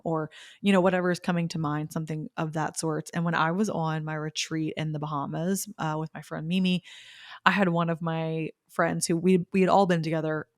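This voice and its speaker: A woman's voice: sits low, level tone, brisk, no room sound, studio quality. Bubbly young woman telling a podcast story. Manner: bubbly and gushing, with bursts of laughter. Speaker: podcast host. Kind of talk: casual solo storytelling. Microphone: podcast microphone.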